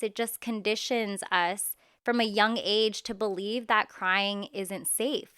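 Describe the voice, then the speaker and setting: Woman in her 30s talking into a podcast mic, bright crisp voice, dry close sound, says like a lot. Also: mid-range voice, fairly even intonation, measured pace, no room sound. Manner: chatty, candid, lots of "like" fillers. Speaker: podcast host. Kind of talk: casual solo podcast talk.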